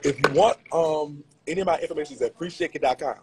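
A man's voice: on the high side, quick pace, background noise. A man chatting casually with viewers on a live stream, slangy and laughing often. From Louisiana.

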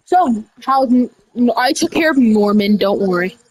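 A woman doing casual game role-play over voice chat, rambling with restarts and breaking into sudden high shouts. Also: animated, normal speed, breathy edge, rough recording. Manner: rambling, with many restarts and y'all. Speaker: roleplayer running a candy store character.

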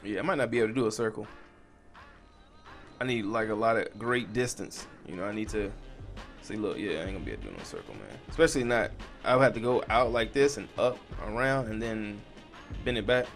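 A man's voice: lowish voice, lively intonation, a little fast, vocal fry, fairly bright tone. Young male gaming host, casual and profane commentary over faint game music. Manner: frustrated, swears a lot, talks to the viewers. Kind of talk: casual let's-play commentary.

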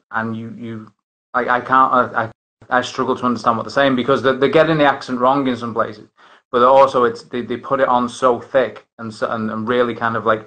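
A man's voice: mid-range voice, sharp tone, low-quality recording. Rambling man. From northern England. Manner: rambling, many restarts and fillers. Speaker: host. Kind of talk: casual chat.

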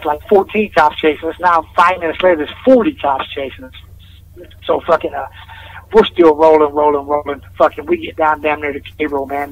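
A man's voice: on the high side, slightly rough. A man calling in from jail, rambling through a story in casual street slang with heavy swearing. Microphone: phone call. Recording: distant, noisy phone line from jail.

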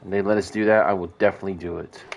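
A man's voice: deep voice, steady tone, very fast, vocal fry. A man streaming a western video game, talking to the characters and swearing as he grumbles at the action. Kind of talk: casual gameplay commentary.

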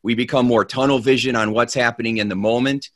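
A man giving a motivational talk, telling a joke with lively energy before moving into a calm explanation. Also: fast, no room sound. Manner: animated storyteller, grows loud and high in the punchline. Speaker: motivational speaker.

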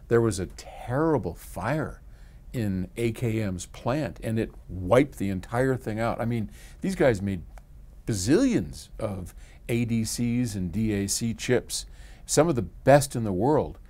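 An older man casually answering a viewer's letter about audio gear, reading it aloud and chatting with soft laughs. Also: lowish voice. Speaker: company founder answering viewer questions.

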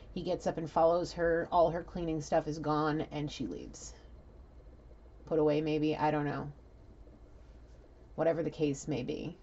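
A woman giving a casual spiritual reading, telling what she sees in a chatty, animated way full of fillers. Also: low voice, lo-fi sound, slight background noise. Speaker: tarot reader.

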